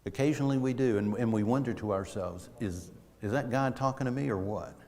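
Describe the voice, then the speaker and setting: A man's voice: mid-range voice, brisk, mellow. A middle-aged man preaching a conversational sermon, telling stories in a folksy way with frequent restarts. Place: church sanctuary. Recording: long reverb of a church hall.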